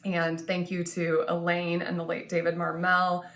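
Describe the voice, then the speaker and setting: A woman in her thirties speaks in a low, fry-edged voice, thanking the people close to her. She sounds tearful and heartfelt, pausing often with ums and restarting her sentences. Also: monotone, a bit bright. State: tearful, crying at times. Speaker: vlogger thanking supporters. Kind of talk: emotional personal thank-you vlog.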